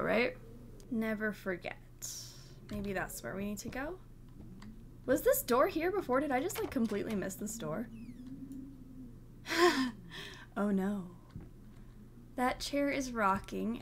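A woman's voice: medium pitch, slight background noise. A woman hosting a horror game let's play, jumpy and nervous, laughing through scares and chatting with her viewers. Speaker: gaming channel host.

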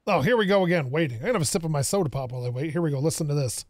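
A man with a fairly high voice chats his way through a game, thinking out loud and bantering with the characters on screen. His voice sounds dry and close, with no room echo. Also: racing. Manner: chatty, thinks aloud, jokes with game characters. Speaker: gaming streamer. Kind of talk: casual gameplay commentary.

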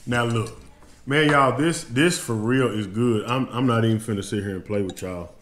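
In a home kitchen, the host of a fishing channel samples food for a casual vlog, folksy and emotional, repeatedly addressing viewers as y'all. He has a medium-pitched, fairly bright voice and a moderate pace. The indoor recording sounds roomy, with faint noise behind him.

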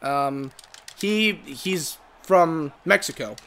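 A young American man in his twenties talks casually over a game session, with a voice sitting a touch higher than most men's. He drifts from one point to the next, restarting sentences and padding them with fillers. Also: very slow, a bit bright, slight background noise. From United States. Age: 20s. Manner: rambling, many fillers and restarts. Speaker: gaming co-host. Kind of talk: casual chat over gameplay.

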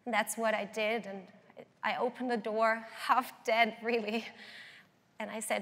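A young woman sharing her personal story with earnest, heartfelt warmth, her voice high and bright. She is a guest singer being interviewed, and her words carry a long reverb from a large hall. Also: level tone, measured pace. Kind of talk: interview testimony.

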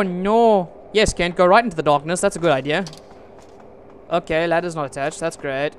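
A young man giving frustrated, swearing commentary while playing a video game, often shouting. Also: high-pitched, moderate pace, slight background noise. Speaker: gaming video host.

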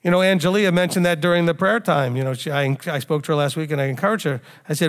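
A man's voice: fairly high pitch, expressive, fast talker, hardly any pauses. A man preaching a sermon as a rabbi, teaching in a conversational way and now and then acting out a panicked outburst. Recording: reverberant hall.

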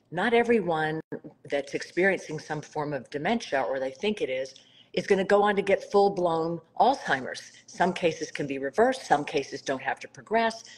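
Low-voiced woman, heartfelt storyteller. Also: slightly rough, rough recording. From South Carolina. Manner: warm, heartfelt storytelling with emphatic swells. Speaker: nonprofit founder, guest. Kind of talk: Instagram live conversation. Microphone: video call.

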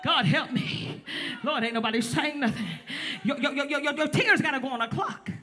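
High-pitched, fiery male preacher. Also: normal speed. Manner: impassioned preaching that builds to shouts, teasing the congregation. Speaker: pastor. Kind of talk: sermon. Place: church sanctuary with live congregation.

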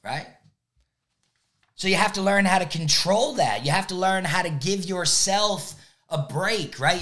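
High-energy coach guy, bright slightly high voice, keeps saying right?. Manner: energetic, repeats "right?" often. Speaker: youth sports coach. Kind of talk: motivational live talk.

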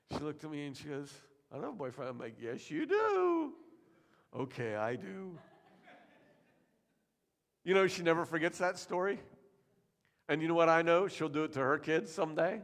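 Animated man preaching in a reverberant church. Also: on the high side. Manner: animated storytelling, acting out characters' lines. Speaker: pastor. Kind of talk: sermon. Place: church sanctuary. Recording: long church hall reverb.

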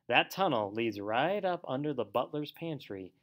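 A man playing a stern old storybook badger with a thin, dry voice. He speaks with severity and authority, his pitch still moving a lot. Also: animated, normal speed, a bit bright, slight background noise, lightly acted.

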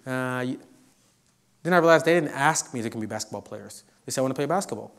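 A middle-aged man giving a humorous motivational university lecture, telling stories with lively delivery. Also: mid-range voice. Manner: animated storyteller, acts out quotes. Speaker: professor giving a guest lecture.

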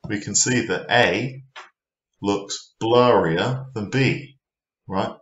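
A man teaching an online English grammar lesson, slow and patient, often asking the viewer questions. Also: fairly low pitch, roomy sound, muffled recording.

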